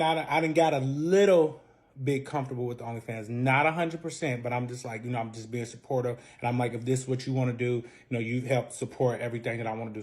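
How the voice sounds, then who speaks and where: A man telling a long personal story in a casual vlog, animated and profane, his voice jumping from loud bursts to quiet asides. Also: mid-range voice.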